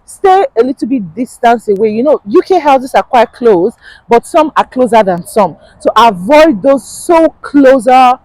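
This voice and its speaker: A woman's voice: on the high side, animated, measured pace, a little mellow, dry recording, poor audio. A woman with a Nigerian accent giving casual advice in a chatty vlog, laughing often and repeating points for emphasis. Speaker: vlogger.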